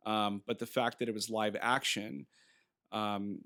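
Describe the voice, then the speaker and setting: A man's voice: fairly low pitch, little pitch movement, a little slow, sharp tone. A man in his thirties co-hosting a podcast, chatting casually through a movie review in a rambling way, laughing often and acting out bits of dialogue. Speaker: podcast co-host. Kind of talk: casual film review chat.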